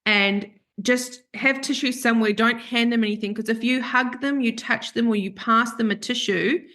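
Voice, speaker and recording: Bright, lively woman podcast guest. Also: a little high, normal speed. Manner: lively, frank storyteller. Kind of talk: casual podcast conversation.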